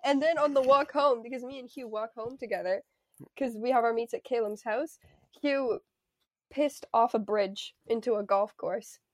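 A woman's voice: fairly high pitch, normal speed, no echo. A young woman from Toronto, a band member, telling stories in casual chat and laughing often. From Toronto, Canada.

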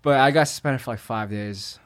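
A young man in casual podcast chat, telling a school story in a halting, laid-back way and laughing as he goes. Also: mid-range voice, a bit bright, clear, resonant tone. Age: young adult. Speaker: podcast co-host.

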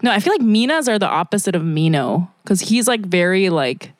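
A woman's voice: mid-range voice, very animated, fairly quick, no echo, studio quality. A woman co-hosting a comedic podcast in casual chat, playful and teasing, laughing often. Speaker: podcast co-host.

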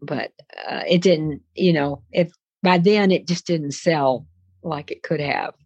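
An older woman with a Southern US accent talks in a rambling, chatty way with plenty of asides. Her voice sits fairly low. The recording is dry and a little muffled. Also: a little slow, a little mellow, breathy edge, no echo. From American South. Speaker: voice-over actress, interview guest. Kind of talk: casual anecdotal interview talk.

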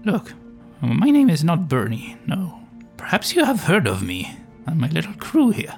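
Faint music plays behind a man doing in-character tabletop role-play as Shrew, full of pompous, theatrical adventurer swagger. He talks at a normal speed in a fairly high, creaky, somewhat mellow voice that swings hugely in pitch.

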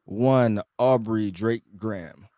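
A man competing in a casual podcast quiz, picking categories and answering with relaxed, profane banter. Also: lowish voice, slow pace, no room sound, studio quality. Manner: relaxed, swearing, joking. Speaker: quiz contestant.

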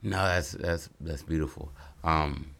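A man's voice: a bass voice, steady tone, a little slow, gravelly, fairly bright tone. A young man co-hosting, brainstorming a movie plot in casual, rambling chat full of crude slang. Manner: laid-back, rambling storytelling with crude slang. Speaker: co-host brainstorming a story.

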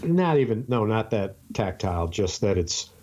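A man's voice: fairly low pitch, very animated, normal speed, darkish tone. A man in casual conversation who teases his friend, laughs often and rambles. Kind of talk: casual chat.

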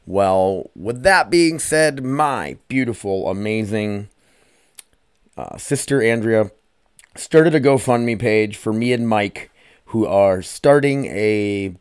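An American podcast host, emotional and choked up, rambles slowly through a casual solo monologue, swearing and speaking to "you guys." His voice is on the low side, with lively intonation and a clean tone. The clean studio sound has no echo.

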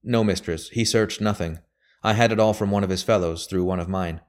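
A shrewd elderly lawyer with a very deep, grave voice, read by a man. He talks in measured, emphatic sentences. He sounds bitter and certain. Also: natural voice. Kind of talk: audiobook character voice.

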